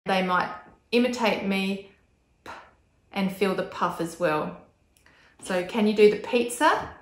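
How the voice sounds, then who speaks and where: A woman speech pathologist with a mid-range voice explains techniques in an instructional video, speaking unhurriedly. She demonstrates sounds with careful, exaggerated enunciation, and the room is echoey.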